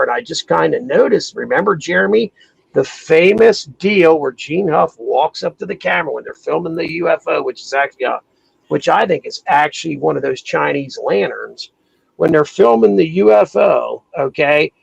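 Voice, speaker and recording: A man hosting a casual chat, telling animated, profane stories and acting out quotes. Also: a little high, gravelly, husky, dull audio. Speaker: podcast host.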